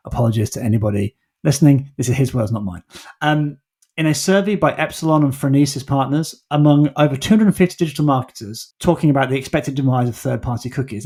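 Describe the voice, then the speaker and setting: Man, podcast host, solo monologue, husky, self-deprecating, casual. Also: mid-range voice, warm tone.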